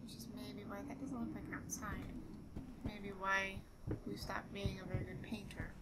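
A woman's voice: medium pitch, fairly even intonation, moderate pace, very noisy. A woman giving casual, joking commentary while playing a horror game, swearing freely as she goes. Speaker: let's play gamer.

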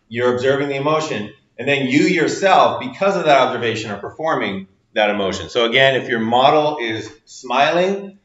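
A man's voice: mid-range voice, a bit bright. Guy lecturing psych class, lots of uhs and ums, acts out quotes, echoey dull sound. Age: adult with children. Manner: explanatory, many fillers, acts out quotes. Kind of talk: recorded lecture. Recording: roomy lo-fi lecture recording.

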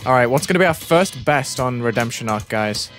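Faint music plays behind this young streamer from Britain as he narrates his game live in a put-on American accent over his British one. He talks fairly quickly at medium pitch, excitable and yelping at each in-game death.

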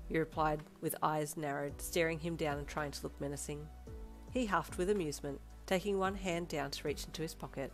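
Low-voiced woman reading fan fiction. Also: fairly quick. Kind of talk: scripted second-person narration. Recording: faint background music.

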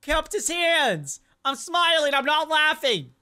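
A woman's voice: high-pitched, slow. A young woman hosting a reaction video, chatting casually and exclaiming at funny clips. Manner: animated, exclaiming and questioning clips.

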